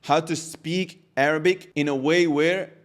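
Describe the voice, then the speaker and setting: A man's voice: a little high, fairly even intonation, a little slow. Man explaining a lesson casually. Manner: explains by restating phrases. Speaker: language teacher.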